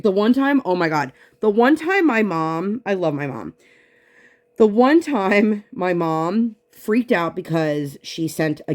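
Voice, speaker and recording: A woman in her thirties chatting casually at her home craft desk, telling rambling, animated stories with frequent asides. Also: on the low side. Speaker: craft vlogger. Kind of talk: casual chat while crafting.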